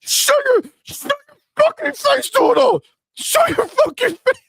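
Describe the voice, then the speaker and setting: Picture a furious adult fanboy, played by a man, shrieking in a high, cracking voice. He sobs and wails, his pitch leaping wildly between lines. The sound is dry and close, with no room around it. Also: sing-song, unhurried, vocal fry, a bit bright, dry recording, full character voice. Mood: whiny rage. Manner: shrieking, sobbing rant.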